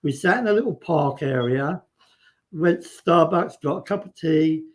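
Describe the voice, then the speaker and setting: Appearing on a live stream, a man whose voice sits on the high side tells a casual, vivid story of events, performing people's dialogue and restarting sentences as he goes.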